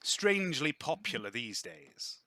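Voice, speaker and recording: A man's voice: medium pitch, huge pitch swings, unhurried, sharp tone, full character voice. A man voicing a reserved, polite weapons dealer who speaks stiffly and formally.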